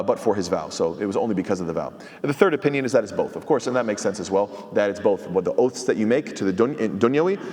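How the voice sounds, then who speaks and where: A man delivers religious teaching at a brisk clip, his voice of average pitch. He explains points step by step, quoting Arabic and asking the room rhetorical questions. A long reverb hangs on his words, as in a large hall. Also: a little mellow. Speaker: imam giving tafseer. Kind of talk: sermon-style Quran commentary.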